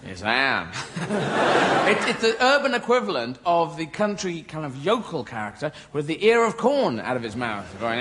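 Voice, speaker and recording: A man performs stand-up in a high, very lively voice. He rambles through surreal tangents and loses his thread along the way. Loud background noise runs under this live recording. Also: normal speed. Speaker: stand-up comedian. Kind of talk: stand-up comedy.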